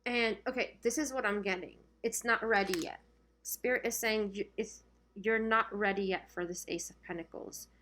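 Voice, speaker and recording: A woman's voice: medium pitch, moderate pace, fairly bright tone. A woman giving a casual spiritual tarot reading to her viewers, talking chattily and checking in often, her voice getting worn. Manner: chatty, keeps checking in with "okay?". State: losing her voice. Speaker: tarot reader.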